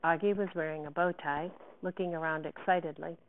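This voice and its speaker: A woman teacher reading a novel aloud in an expressive first-person voice. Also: deep voice, brisk, a little hiss or hum. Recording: tinny phone-like sound.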